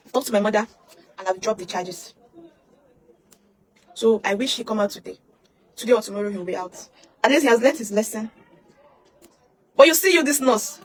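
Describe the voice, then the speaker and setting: A young Nigerian woman, her voice on the high side and fairly bright, is ranting online in a Nigerian accent. The emotional social media rant is heated, scolding listeners with rhetorical questions.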